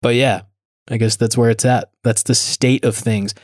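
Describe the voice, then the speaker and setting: A man co-hosting a chatty podcast, speaking candidly and with some self-mockery. His voice sits at an ordinary middle pitch. The recording is close and dry. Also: fairly even intonation, moderate pace, no echo. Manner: candid, self-deprecating, swears casually. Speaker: podcast co-host. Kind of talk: casual chat.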